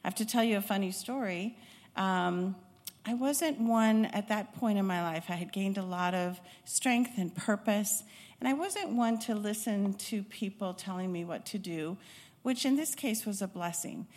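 A woman's voice: medium pitch, darkish tone. Middle-aged woman telling her life story in a reverberant hall. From Chicago, United States. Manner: reflective, unhurried storytelling with frequent hesitations. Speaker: former pediatric nurse and nursing instructor. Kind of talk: personal life-story talk.

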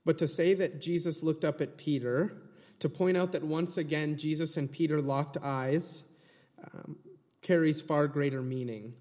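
A man's voice: a little high, steady tone, a little slow, a little mellow, big-room sound. A man preaching a sermon to his congregation in an earnest style that builds to emphatic retellings.

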